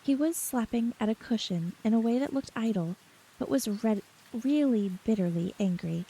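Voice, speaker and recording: A woman reading a novel aloud in a soft, unhurried ASMR story reading. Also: on the high side, animated, slightly rough, rough recording.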